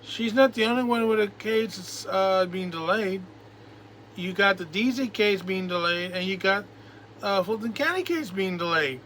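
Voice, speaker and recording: A man's voice: high voice, normal speed, fairly bright tone, slight background noise. Man reading news with sarcastic asides. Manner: stumbles over names and words, adds sarcastic asides. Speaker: political commentary host. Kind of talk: reading a news article aloud with casual asides.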